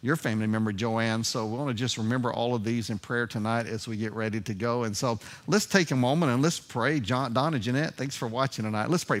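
Pastor guy chatting to his online bible study, folksy, lots of uh's, ordinary mid voice. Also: mid-range voice. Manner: folksy and friendly, halting, with frequent "uh" fillers. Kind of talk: informal livestream Bible study welcome and prayer.

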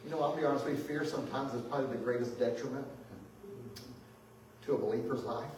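A pastor preaching a sermon in lively style, shifting between booming exclamations and hushed asides, often chuckling. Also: male voice, quick pace, slight background noise. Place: church sanctuary. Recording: echoey hall, mic at a distance.

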